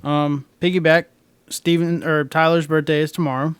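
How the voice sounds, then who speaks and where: A man's voice: fairly high pitch, little pitch movement, normal speed, clear, resonant tone, dry recording. A man co-hosting a sports podcast, rambling and joking with many fillers. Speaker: podcast co-host. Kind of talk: casual chat.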